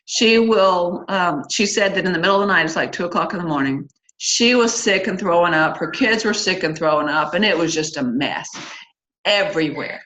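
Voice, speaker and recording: A middle-aged woman leads a church singles class, speaking at normal speed in a fairly low, slightly bright voice. Her casual, candid talk to the group is full of fillers and asides, captured on a slightly dull lo-fi recording.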